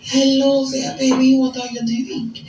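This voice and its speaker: A woman faking a French accent to play a flirty French lady, in a high, sing-song tone. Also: flat delivery, measured pace, mellow, reverberant, a little hiss or hum. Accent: put-on French.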